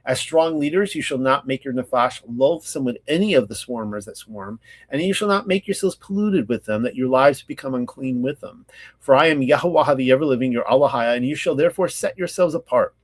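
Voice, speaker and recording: Man, from California, Bible study host, slow scripture reading, rambling casual asides, mid-pitched voice. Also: animated. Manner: reads slowly, then chats loosely with many fillers.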